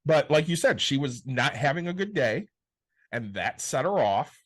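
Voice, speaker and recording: A man's voice: medium pitch, big pitch swings, normal speed. A man co-hosting a podcast in casual chat, blunt and exasperated, swearing often. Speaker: podcast co-host.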